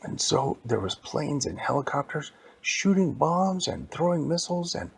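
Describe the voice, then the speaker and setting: Gravelly man telling an animated story. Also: a little high, normal speed. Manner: animated, drops to whispers for suspense. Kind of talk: improvised bedtime story.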